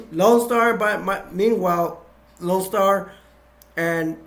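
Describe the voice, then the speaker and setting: A man's voice: high voice, extremely slow, fairly bright tone. A man giving a casual movie plot recap, rambling with frequent restarts and chuckles. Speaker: video reviewer.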